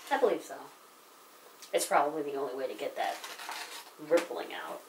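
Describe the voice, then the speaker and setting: A woman's voice: low-pitched, expressive. A woman chatting beside a costume maker, joking and teasing in casual banter. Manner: playful, joking, quick to laugh. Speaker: helper and co-host chatting during the build. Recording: roomy, distant, loud background noise.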